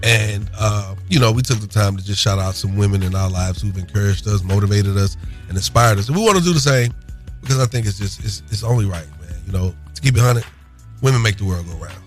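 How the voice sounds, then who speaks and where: A man's voice: lowish voice, quick pace, faint music behind. A man hosting a morning radio show, talking loose and slangy and hyping the show between jokes.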